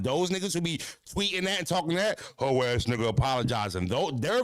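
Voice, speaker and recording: A man hosting a casual podcast, ranting bluntly with profanity, jumping into animated voices and stuttering restarts. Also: on the high side, no room sound. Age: adult. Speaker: podcast host.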